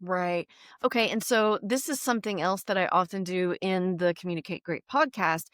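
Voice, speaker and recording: A woman's voice: lowish voice, normal speed, fairly bright tone, dry recording. A woman hosts a podcast in a casual, conversational way. She murmurs agreement often and asks follow-up questions. Her voice is recorded dry and close. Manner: affirming, with frequent murmured agreement. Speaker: podcast host. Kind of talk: casual interview chat.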